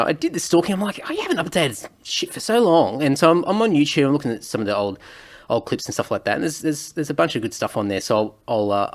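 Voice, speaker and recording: Easygoing male podcast host. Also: mid-range voice. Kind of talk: casual podcast interview.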